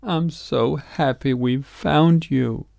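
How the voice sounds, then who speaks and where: A man's voice: deep voice, takes it slowly, mellow, dry recording, studio quality. A man voicing a loving frog mother in a storybook, tender and soothing.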